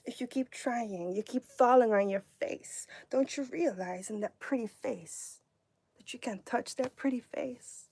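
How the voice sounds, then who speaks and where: A woman's voice: a little high, a little slow, gravelly, mellow, breathy edge. A woman talking to viewers on a live stream, mocking and sarcastic, sometimes dropping to a whisper. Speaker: livestreamer.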